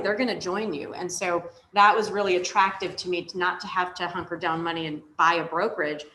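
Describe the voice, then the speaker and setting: A woman's voice: mid-range voice, fairly bright tone, a little hiss or hum. Emphatic woman panelist in a roomy space. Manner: emphatic, conversational. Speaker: real estate team leader, panelist. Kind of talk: panel talk.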